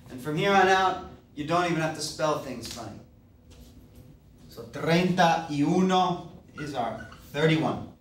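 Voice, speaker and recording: Man, language teacher, very slow delivery, slightly high voice, echoey room, distant mic. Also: lively intonation, a little hiss or hum. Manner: slow, spelling words out carefully, stressing each syllable. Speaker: Spanish teacher. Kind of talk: classroom-style lesson.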